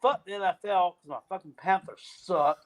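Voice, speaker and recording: A man's voice: high-pitched, moderate pace, fairly bright tone. A man hosting a casual sports rant, profane and rambling, with frequent restarts and trailing thoughts. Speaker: podcast host.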